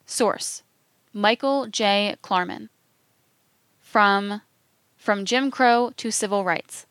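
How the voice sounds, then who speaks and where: Female reader for a scripted read: slow, deliberate, even, crisp tone, dry close recording. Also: medium pitch, dry recording. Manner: measured, even, deliberate delivery. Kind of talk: scripted reading of quotations.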